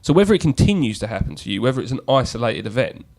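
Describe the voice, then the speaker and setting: Young male co-host; lively, blunt, sweary delivery. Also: medium pitch, racing, vocal fry. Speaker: podcast co-host. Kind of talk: casual chat.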